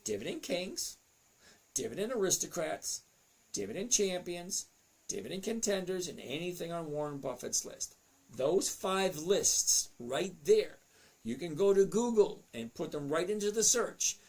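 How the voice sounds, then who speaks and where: Answering his chat on a casual livestream, this host speaks a little slowly in a high-sitting voice with lively intonation. He chats away, reads viewers' names and questions aloud, and mutters to himself over charts.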